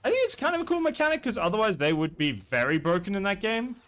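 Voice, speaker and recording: Lively high-voiced man swearing casually. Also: fast talker. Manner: animated, swears freely. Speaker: streamer playing a game. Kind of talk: casual gaming chat.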